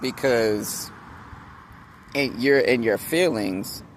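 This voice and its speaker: A man giving a casual motivational talk to camera, speaking slowly and deliberately with many pauses and restarts. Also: mid-range voice, a little hiss or hum. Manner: slow, deliberate, halting speech with many restarts. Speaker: vlogger.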